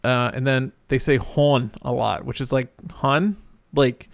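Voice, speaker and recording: Slow-talking man in dry casual chat. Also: medium pitch, fairly even intonation, gravelly, no echo. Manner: laughs often, chatty. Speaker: podcast co-host.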